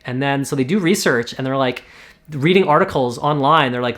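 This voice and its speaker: A man from Canada lays out a story idea in relaxed, conversational speech. His voice sits in an ordinary middle pitch. He keeps jumping into quick, lively voices for the characters as he goes. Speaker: YouTuber pitching a movie idea. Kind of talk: casual spoken pitch, acting out dialogue.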